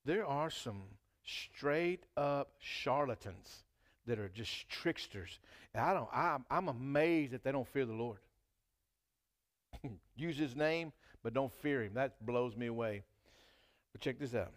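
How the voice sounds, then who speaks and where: A man's voice: medium pitch, measured pace, pauses often. Man preaching in a chatty style. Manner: conversational preaching, reads scripture aloud with rising emphasis. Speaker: pastor. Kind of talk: sermon. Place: church.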